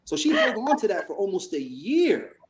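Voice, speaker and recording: A man's voice: high voice, huge pitch swings, normal speed, crowd noise. A man co-hosting a podcast, telling a story in casual chat, acting out the voices he quotes and swearing freely. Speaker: podcast co-host.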